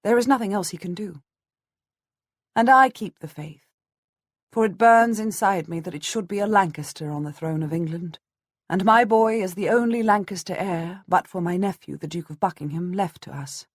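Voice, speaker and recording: A woman narrating a historical audiobook in the first person, measured and earnest. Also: medium pitch, no echo, clean studio sound.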